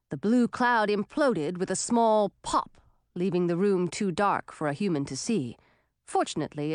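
A woman narrating a fantasy story in an expressive, dramatic reading style. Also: mid-range voice, no echo, clean studio sound. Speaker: audiobook narrator.

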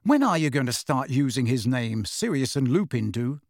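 A man's voice: medium pitch, very animated, normal speed, no echo, clean studio sound. A man voicing an earnest teenage boy wizard in a storybook reading, speaking firmly. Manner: firm, earnest.

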